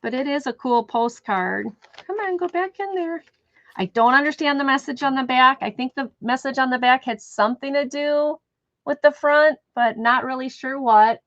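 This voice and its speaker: A woman's voice: high-pitched, moderate pace, a bit bright, dry recording. A woman hosting a live online sale, chatting and thinking aloud as she describes a vintage postcard. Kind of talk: casual live sale chat. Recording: dull, dry lo-fi stream audio.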